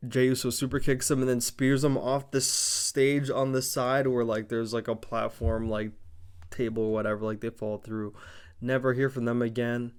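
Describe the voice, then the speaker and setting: Young guy rambling thru a wrestling recap, lotta swearing, smooth clear voice. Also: mid-range voice. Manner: excited, profane, rambling storytelling. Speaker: wrestling reviewer. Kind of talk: casual recap commentary.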